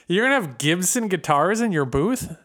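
Casting: man, slightly high voice, loose animated podcast storyteller who swears a lot. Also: a little slow, gravelly. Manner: animated storyteller, swears freely, trails off and restarts. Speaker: podcast co-host. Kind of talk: casual chat.

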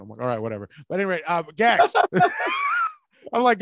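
A comedian chatting casually, telling stage stories and acting out what people said. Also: male voice, high-pitched, a little fast, no echo. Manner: animated storyteller, acts out quotes. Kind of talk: casual podcast chat.

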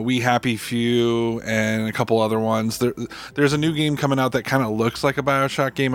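A man co-hosting a gaming podcast, talking in a relaxed, halting way with many fillers. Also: mid-range voice. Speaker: podcast co-host. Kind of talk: casual podcast chat.

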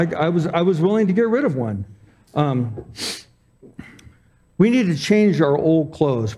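A man's voice: a little high, a little mellow. A man preaching a sermon, telling self-deprecating personal stories in a conversational way. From Arizona. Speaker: pastor.

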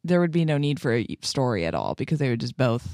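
A man from Cleveland co-hosting a podcast, playful and quick to jump into silly character voices. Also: medium pitch, big pitch swings, a little mellow, no room sound, studio quality. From Cleveland, Ohio. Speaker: podcast co-host. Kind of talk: casual chat.

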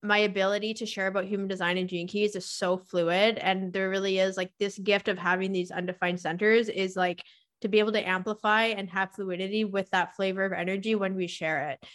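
A woman's voice: mid-range voice, flat delivery, a little fast. A woman guest on a podcast, explaining her views in a fluid, enthusiastic, casual way. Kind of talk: casual interview chat.

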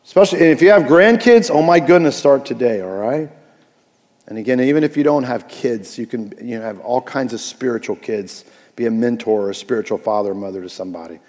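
A man preaching a Father's Day sermon as pastor, animated and jokey, swinging from loud to soft. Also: medium pitch, fairly quick, long reverb tail.

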